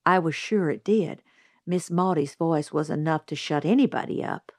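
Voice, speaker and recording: A woman reading a novel as an audiobook narrator in a steady first-person storytelling way. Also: sits low, normal speed, no room sound, clean studio sound.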